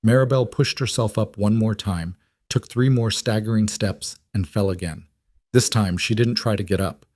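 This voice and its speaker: A man's voice: fairly low pitch, normal speed, a little mellow, dry recording, studio quality. A man reading a dramatic story in a scripted narration style.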